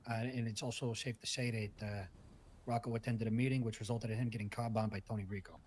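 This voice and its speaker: A man talks fast and matter-of-fact as he briefs his crew in a crime role-play game. His delivery is brisk and to the point. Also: on the low side, steady tone, a little mellow, a little hiss or hum.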